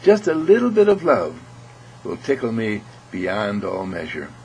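A man giving an earnest inspirational spiritual talk, repeating phrases and often clearing his throat. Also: fairly low pitch, wildly swooping pitch, a little slow, a little mellow, a little hiss or hum, low-quality recording. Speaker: spiritual speaker.

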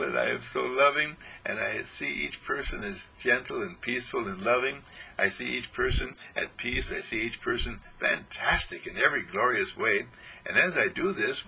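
A man's voice: medium pitch, lively intonation, normal speed, gravelly, bright, forceful tone, slightly rough, low-quality recording. A man giving an inspirational spiritual talk, speaking in repetitive, soothing affirmations. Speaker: spiritual teacher.

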